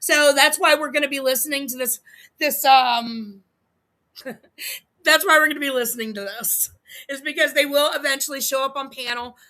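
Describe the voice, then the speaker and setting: Lady streamer cussing, high bright voice, heated. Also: moderate pace. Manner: profane, laughing, heated. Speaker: livestream host. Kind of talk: casual commentary stream.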